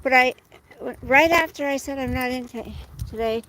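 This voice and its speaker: Vlogger type, a woman with a slightly high voice, casual and talkative, recorded outside with faint noise around her. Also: moderate pace, pushed and bright, poor audio. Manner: chatty, venting, breaks off to coax her dog. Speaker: vlogger walking her dog. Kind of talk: casual chat. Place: outdoors on a street.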